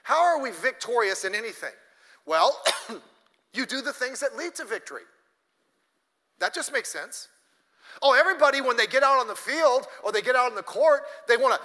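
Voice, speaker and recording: Preaching in a church whose long hall reverb fills the recording, the same kind of middle-aged pastor narrates a story, voicing characters and tossing in blunt jokes between occasional coughs. Here his voice is very high and very animated, pushed and bright, and a little fast.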